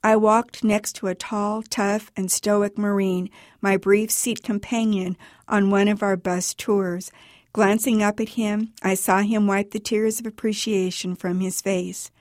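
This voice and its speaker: Reading her own account for a radio audience, the author keeps an even, measured storytelling pace. The recording is dry and studio quality, and her voice sits at a medium pitch.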